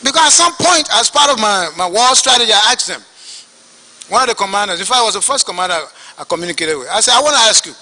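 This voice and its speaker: A man with a Liberian English accent testifying at a hearing, telling his story in an animated way and acting out the dialogue. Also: very high-pitched, in a large hall, poor audio. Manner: animated, acts out quoted dialogue.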